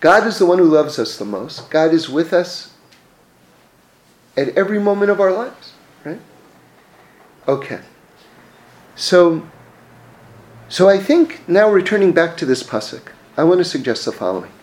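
A man giving a Torah class, telling stories in an animated way with frequent restarts and repeated words. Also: fairly high pitch, unhurried, long pauses. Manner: animated storytelling with many restarts. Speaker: Torah teacher. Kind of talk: religious class, story-driven teaching. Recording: echoey room.

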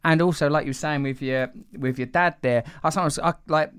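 Smooth-voiced thoughtful male host. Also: a little high, fairly quick, a bit bright, no echo, studio quality. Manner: thoughtful, articulate, wordy. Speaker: interview host. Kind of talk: long-form interview conversation.

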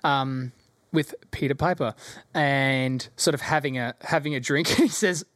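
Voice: medium pitch, unhurried, fairly bright tone, dry recording. A game master narrating a tabletop game in a rambling way, with frequent ums and laughter.

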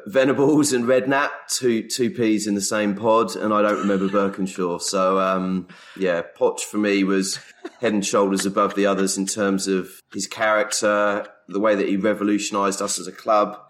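Man, low voice, monotone, hesitant podcast guest. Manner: measured, hesitant, many ums. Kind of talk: casual chat.

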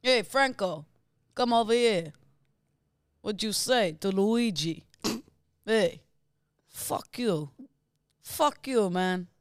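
A woman putting on the voice of a tough male mafioso, swearing in a slow, lowered drawl. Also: expressive, no echo, clean studio sound. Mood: hostile. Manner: low, slow, cursing tough-guy drawl.

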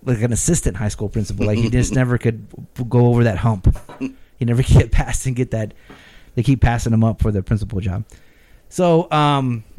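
A man's voice: medium pitch, dark tone. A man co-hosting a podcast, retelling a film scene by scene in rambling casual chat, laughing and acting out the lines. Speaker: podcast co-host recapping a movie.

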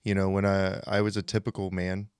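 A man hosting a podcast, chatting casually, animated and self-deprecating as he jokes. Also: low voice, a little fast, clear, resonant tone, no room sound, clean studio sound. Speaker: podcast host.

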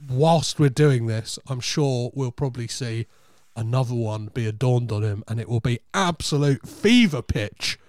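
A man's voice: mid-range voice, normal speed, a little mellow, no echo. Enthusiastic man co-hosting a podcast, dry sound. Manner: enthusiastic, rambling with restarts. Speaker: podcast co-host. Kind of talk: casual film podcast chat.

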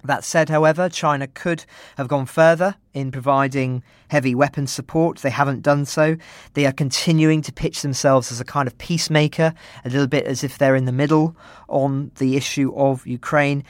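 A British man giving measured, analytical news commentary on a podcast, often quoting sources. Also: medium pitch, steady tone, dry recording. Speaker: podcast co-presenter.

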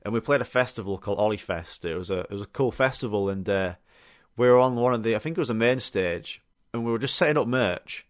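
A man's voice: on the low side, quick pace, no echo, clean studio sound. A man with a Yorkshire accent hosting a podcast, telling rambling stories in a casual, chatty way with lots of fillers and the odd swear word. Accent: Yorkshire English. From Yorkshire, England. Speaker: podcast host. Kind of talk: casual storytelling chat.

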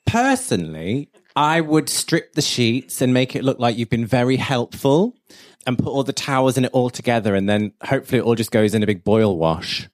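A man's voice: mid-range voice, animated, normal speed. A man appearing as a guest on a live podcast show, reading confessions and giving dry, matter-of-fact answers. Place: live venue with audience.

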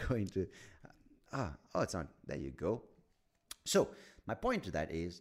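A man hosting a solo podcast, ranting in a profane, sardonic way. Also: low voice. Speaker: podcast host.

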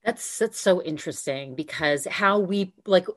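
Woman, podcast host, slightly low pitch, reflective, casual, filler words. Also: unhurried. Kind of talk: casual interview.

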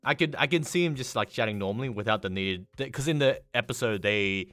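A man's voice: mid-range voice, lively intonation, fairly quick, fairly bright tone, dry recording, soft background music. A young man co-hosting a casual podcast chat, laid-back and teasing. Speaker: podcast co-host.

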